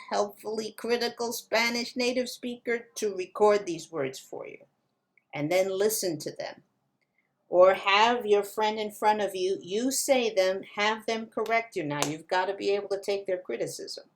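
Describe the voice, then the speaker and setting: A woman teaching Spanish pronunciation, slowly modeling words for learners to repeat. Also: mid-range voice. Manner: slow, careful modeling of pronunciation. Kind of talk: language lesson.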